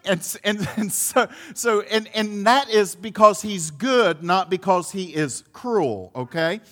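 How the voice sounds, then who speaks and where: A man's voice: sits high, takes it slowly, a bit bright. A man preaching a sermon in a conversational way, full of restarts, asides and laughs. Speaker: pastor.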